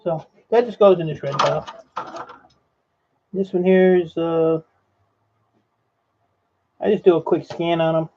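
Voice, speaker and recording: A man's voice: on the high side, fairly even intonation, measured pace, pauses often. A man casually narrating as he sorts scrap circuit boards, rambling and blunt, talking to viewers. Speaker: e-waste scrapper vlogger. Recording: lo-fi dull audio with faint noise.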